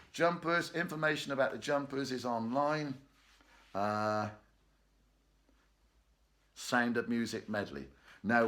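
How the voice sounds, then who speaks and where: Speaking at medium pitch with a somewhat bright sound, this man leads an online choir rehearsal from his bedroom. The chat is casual, and he jokes and laughs often.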